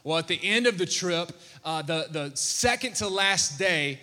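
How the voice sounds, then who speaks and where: A man preaching to his congregation, telling a story with animated energy and calling questions out to the crowd. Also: high-pitched, measured pace. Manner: animated, calls out questions to the audience. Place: church sanctuary. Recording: long church-hall reverb.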